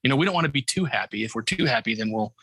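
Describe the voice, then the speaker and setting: A male podcast host answers his guest in an easy, affirming way and chats casually. His voice is bright and slightly husky, and the recording is dry with no room sound. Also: medium pitch, lively intonation, rapid-fire, no echo. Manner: agreeable, conversational, affirming.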